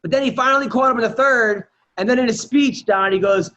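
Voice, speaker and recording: A man's voice: very high voice, quick pace, bright, forceful tone, lo-fi sound. A man hosting a casual podcast chat, loose and filler-heavy as he prompts his guests. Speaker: podcast host.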